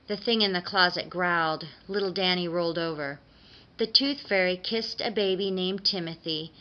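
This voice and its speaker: A woman reading a dark story aloud in an expressive, dramatic way, on a dull lo-fi recording. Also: fairly low pitch, normal speed.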